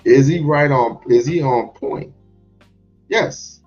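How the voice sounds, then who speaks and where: A man's voice: mid-range voice, slow. A man commenting on a comedy clip in an emphatic, profane way. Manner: emphatic, profane, lively questioning. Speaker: reaction channel host. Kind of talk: reaction commentary. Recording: dull lo-fi with music under.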